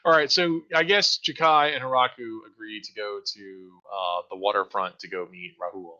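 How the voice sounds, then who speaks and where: A man acts as game master for a tabletop role-playing session. He rambles through asides and slips in dry sarcasm. His voice is bright and comes through a slightly dull, lo-fi recording. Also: fairly low pitch, normal speed. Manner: rambling, hedging, dryly sarcastic.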